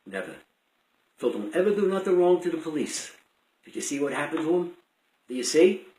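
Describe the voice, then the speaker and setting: A man voicing his worried mother as she gives her son a gentle but stern warning. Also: a little high, very animated, fairly quick, pitched above the performer's own voice. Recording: roomy echo.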